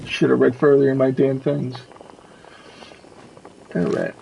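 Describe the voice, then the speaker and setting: A man's voice: mid-range voice, little pitch movement, unhurried, gravelly, dull audio, a little hiss or hum. A man streaming a game with casual commentary. He reads the quest text and the characters' lines aloud.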